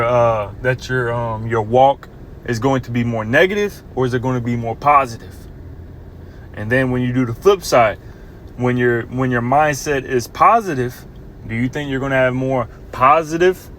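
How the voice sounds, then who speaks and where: A man casually teaching scripture, earnest and halting, reading verses slowly and with emphasis. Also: mid-range voice, slight background noise. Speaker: bible teacher.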